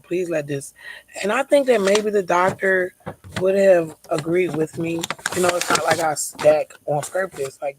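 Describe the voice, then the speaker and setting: A woman's voice: fairly low pitch, poor audio. A woman vlogging as a mother. She talks in an emphatic, venting way, repeats words for stress and sometimes drops to near-whispers. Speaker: mother vlogging about her child's diabetes. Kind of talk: casual venting vlog.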